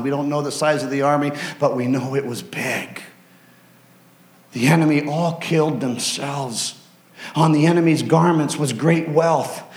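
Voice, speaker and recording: High-voiced preacher man in an echoey hall. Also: unhurried. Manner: dramatic, swings from excited shouts to hushed tones. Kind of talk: animated sermon with acted-out voices.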